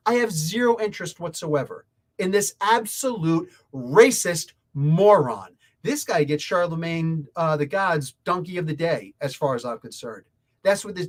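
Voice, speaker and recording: Male reviewer-host, heated rambling rant to camera, very lively pitch swings. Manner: heated, rambling, talks straight to viewers. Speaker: comic book reviewer.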